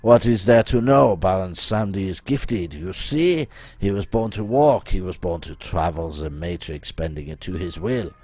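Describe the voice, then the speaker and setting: A man's voice: sits low, animated, moderate pace, darkish tone, voice pushed down. A man voicing a grand, scheming male hacker with a put-on French accent, who talks about himself in the third person. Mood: grave.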